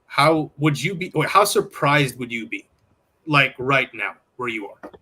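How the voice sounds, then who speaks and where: A man with a bright, forward-sounding voice hosts a casual sports talk show. He poses questions to his panel and often stops to rephrase mid-sentence. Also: medium pitch, expressive, unhurried, slightly rough. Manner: asks questions, hesitant restarts. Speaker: podcast host.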